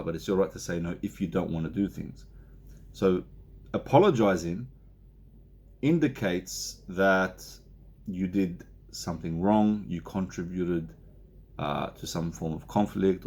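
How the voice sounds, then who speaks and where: Male counsellor, very low gravelly voice, relaxed filler-heavy delivery. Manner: unhurried, many fillers and restarts, acts out example speakers. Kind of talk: self-help talk to camera.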